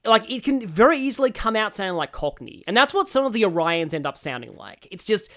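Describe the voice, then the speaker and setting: A woman's voice: medium pitch, very animated, fairly quick, a bit bright. Chatty Australian woman streaming a game. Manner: chatty, rambling, many fillers. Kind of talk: casual live-stream commentary.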